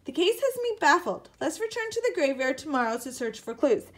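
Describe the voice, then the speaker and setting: A woman's voice: high-pitched, sing-song, brisk, voice pushed up. A woman voicing a bespectacled boy detective in a storybook reading, speaking in a formal, precise way. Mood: puzzled, observant.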